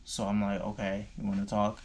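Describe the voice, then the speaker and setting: A young vlogger tells a personal story in a loose, slangy way, packed with fillers and swearing. His lowish voice is monotone, fairly quick, and a little mellow, with a bit of hiss or hum in the background.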